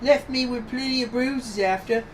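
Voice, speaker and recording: A man's voice: extremely high pitch, normal speed, far from the mic, slight background noise, pitched above the performer's own voice. A man voicing a sly, unflustered Cockney brothel madam, reading game dialogue aloud in a chirpy, evasive manner. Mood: cheeky, evasive.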